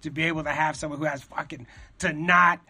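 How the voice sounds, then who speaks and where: A slightly high-voiced man talking with energy in a dry, close recording. He swears a lot and jumps into acted-out quotes as he tells stories. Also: quick pace, slightly rough, no room sound. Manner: animated, profane, acts out quoted voices. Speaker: stand-up comedian, podcast guest. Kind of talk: casual chat.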